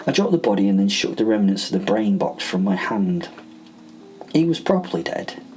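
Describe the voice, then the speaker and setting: A man's voice: on the low side, a little fast, darkish tone, breathy edge, low-quality recording. A man, reading a first-person horror story in a casual way with joking asides. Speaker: podcast host.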